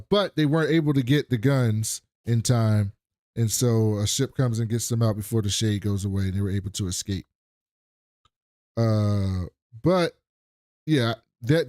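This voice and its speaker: A man casually recapping a TV episode on a podcast, slangy and profane, acting out characters' lines in quick voices. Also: lowish voice, mellow, dry recording, clean studio sound.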